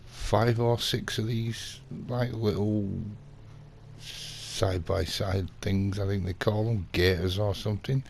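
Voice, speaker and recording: Speaking slowly in a steady voice on the low side, this man plays a gaming vlogger telling an indignant, in-character story. He rambles casually and acts out quotes, with slight background noise.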